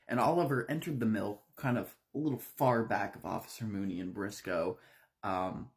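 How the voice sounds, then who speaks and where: A man casually retelling a horror story, in a loose, conversational way. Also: on the low side.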